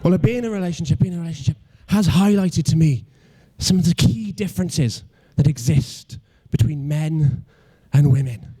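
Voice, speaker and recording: Young Welsh man on stand-up, mellow voice sitting a bit high, self-mocking, trips over his words. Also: normal speed, hardly any pauses, husky. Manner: self-deprecating, stammering restarts, mock-logical. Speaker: stand-up comedian. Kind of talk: stand-up comedy routine.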